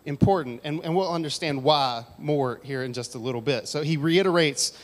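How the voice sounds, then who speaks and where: A man's voice: fairly high pitch, moderate pace. A man preaching a casual, conversational sermon to a congregation on a handheld mic, with joking asides. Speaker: pastor. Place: church hall with audience. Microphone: handheld microphone. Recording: long hall reverb.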